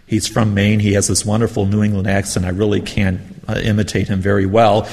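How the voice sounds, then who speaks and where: A man's voice: on the high side, big pitch swings, a little fast, hardly any pauses, in a large hall. A man who is a priest leading a retreat, preaching in a conversational, self-deprecating way with personal anecdotes. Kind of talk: storytelling sermon.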